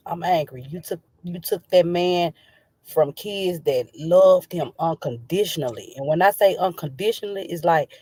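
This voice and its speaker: A woman's voice: lowish voice, moderate pace, mellow, breathy edge, no room sound. Angry grieving woman, dry sound. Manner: raw, angry, repeating questions. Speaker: guest. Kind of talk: emotional personal testimony.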